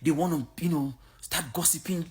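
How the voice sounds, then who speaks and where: A woman's voice: sits low, moderate pace. A woman from Africa in her thirties, giving a blunt, outspoken opinion monologue to a phone camera. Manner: blunt, outspoken, animated storytelling. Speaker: social media creator.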